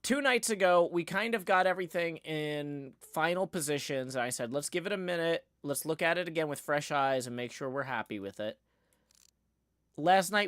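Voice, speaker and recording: A man's voice: a little high, a bit bright, no echo, clean studio sound. A man, likely in his forties, hosting a live stream in casual, rambling chat full of fillers and easy laughs. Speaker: livestream host. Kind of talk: casual chat while building.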